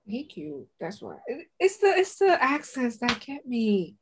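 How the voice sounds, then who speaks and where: A woman co-hosting a podcast in casual chat, loud and playful with lots of slang and exclamations. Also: fairly high pitch, sing-song, a little slow, slight background noise. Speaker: podcast co-host.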